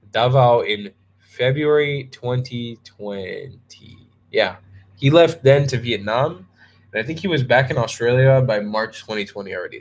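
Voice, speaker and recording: A young man talks casually to his live-stream audience, reading out questions and joking back at them. His voice sits in an ordinary middle pitch. He rambles with frequent ums and false starts. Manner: chatty, joking, talks to chat by name, many ums and restarts. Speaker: travel vlogger hosting a live stream.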